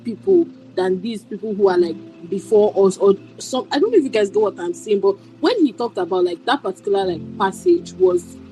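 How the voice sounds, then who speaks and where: A woman's voice: medium pitch, very animated, fairly quick, mellow, low-quality recording. A woman in a book club discussion, speaking hesitantly with many fillers and apologies. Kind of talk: casual discussion.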